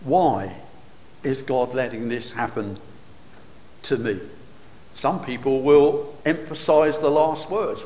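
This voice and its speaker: A man's voice: mid-range voice, slow, pauses often, darkish tone. A man preaching a sermon, explaining scripture with rhetorical questions and occasional fillers. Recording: reverberant hall.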